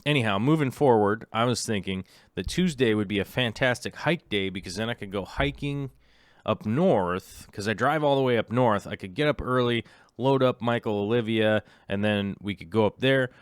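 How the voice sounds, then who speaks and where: A man's voice: on the low side, moderate pace, clear, resonant tone, no echo, studio quality. A middle-aged man hosting a livestream in casual chat. He rambles with many ums and restarts and reads viewer comments aloud. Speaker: livestream host.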